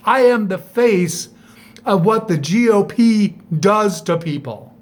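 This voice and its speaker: A middle-aged man talking straight to camera in a bitter, profane monologue, firing off sharp rhetorical questions. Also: high-pitched, expressive, slow pace. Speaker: vlogger.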